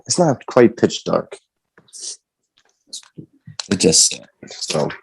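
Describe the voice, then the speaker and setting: A man's voice: sits low, big pitch swings, extremely slow, vocal fry, a little hiss or hum. A man co-hosting a podcast in a playful, joking manner. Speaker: podcast co-host. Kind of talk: casual podcast chat.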